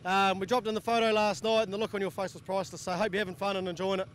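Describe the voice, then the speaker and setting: A man, a sidecar racer, giving quick friendly shout-outs. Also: sits high, level tone. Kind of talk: casual trackside interview.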